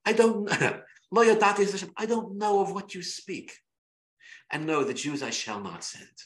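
A man's voice: high voice, measured pace, reverberant, pitched above the performer's own voice. A man voicing a haughty ancient Egyptian king who feigns polite ignorance, as in a told story. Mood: aloof.

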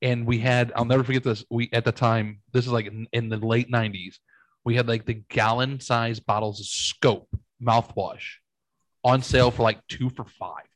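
A man's voice: mid-range voice, level tone, moderate pace, dry recording, rough recording. A man in his thirties hosting a casual chat, telling stories with lots of swearing and acting out the people he quotes. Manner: profane, storytelling, acts out quoted voices. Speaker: podcast host.

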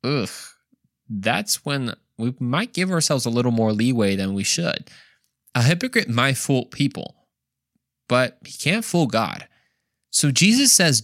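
A man's voice: mid-range voice, sing-song, measured pace, a bit bright, no room sound, studio quality. Earnest man teaching a Bible lesson. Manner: earnest, emphatic, rising on key points, self-mocking asides. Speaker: Bible study podcast host.

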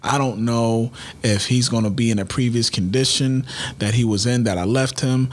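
A man in his thirties telling a personal story in casual talk, animated and acting out the dialogue he quotes. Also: mid-range voice, moderate pace.

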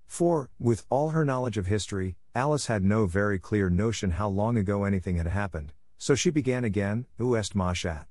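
A man narrating a classic storybook in a steady, clear reading. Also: on the low side, a little fast, hardly any pauses, no room sound, studio quality. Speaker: audiobook narrator. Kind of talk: scripted narration.

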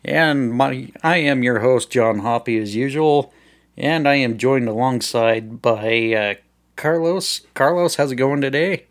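Dude hosting a wrestling podcast, jokey and rambly, laughs a lot. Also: male voice, mid-range voice, a little slow. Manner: joking, rambling, laughs often. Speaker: podcast host. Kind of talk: casual chat.

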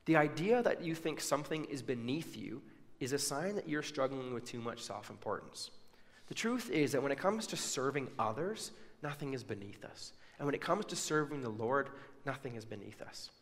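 A man's voice: mid-range voice, sing-song, normal speed, big-room sound. A man preaching a sermon, telling a story and acting out the people's words with casual asides. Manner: storytelling with acted-out quotes and asides.

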